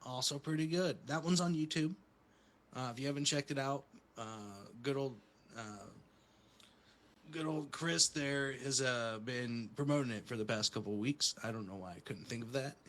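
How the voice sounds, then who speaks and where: Male podcast co-host, rambling and profane, bright forceful tone. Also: medium pitch, moderate pace, a little hiss or hum. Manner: rambling, profane, laid-back storytelling. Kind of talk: casual podcast chat.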